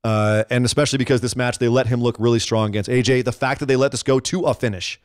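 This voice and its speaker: A man co-hosting a casual wrestling podcast, talking excitably and rambling with frequent restarts. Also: mid-range voice, fast talker, dry recording, clean studio sound. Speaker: podcast co-host.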